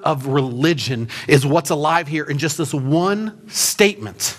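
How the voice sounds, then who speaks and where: A man's voice: on the high side, measured pace. A man preaching a conversational sermon in church, telling stories and pressing his point with rhetorical questions. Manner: storytelling, emphatic with rhetorical questions. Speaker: pastor.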